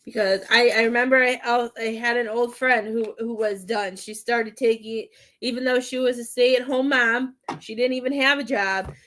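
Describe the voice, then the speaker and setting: High-voiced woman giving a psychic reading. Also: steady tone, fairly bright tone. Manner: halting, repeats words, soothing advice. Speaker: psychic medium. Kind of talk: live-stream spirit reading. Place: home.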